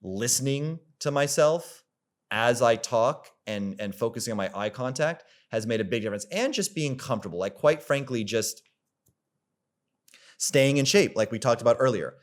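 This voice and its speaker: A man's voice: mid-range voice, expressive, moderate pace. A man giving a coaching monologue, rambling with lots of filler words, repeating himself for emphasis and swearing casually. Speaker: dating coach.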